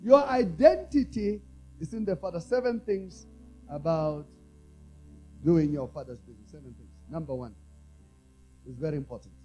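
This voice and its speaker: A man preaching a sermon to a congregation in call-and-response style. He drops to quiet, low asides and then rises to loud exhortation. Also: normal speed, pauses often, faint music behind, poor audio. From South Africa. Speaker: apostle preaching.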